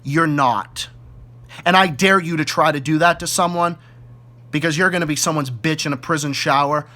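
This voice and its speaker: Man, boston accent, angry profane rant, raised voice, tense and forceful, repeats his insults. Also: fairly high pitch, normal speed. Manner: furious, profane, repetitive insults. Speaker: YouTube ranter. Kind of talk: angry direct-to-camera rant.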